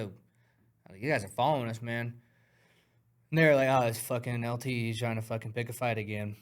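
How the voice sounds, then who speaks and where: A man guest on a talk podcast, telling a story in an animated, profane way, acting out punches with sound words. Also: mid-range voice. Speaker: guest fighter.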